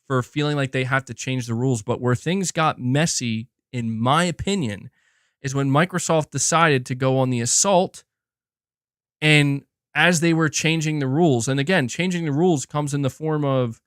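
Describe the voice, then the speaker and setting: A man hosting casual gaming commentary, animated and profane, restarting sentences and slipping into mocking impressions. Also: mid-range voice, normal speed, clean tone, no echo, clean studio sound.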